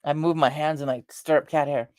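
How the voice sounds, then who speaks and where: A middle-aged woman rambling through family stories in a casual, animated vlog chat. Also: deep voice, brisk, no room sound, studio quality. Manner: rambling, animated, talks with her face. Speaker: vlogger.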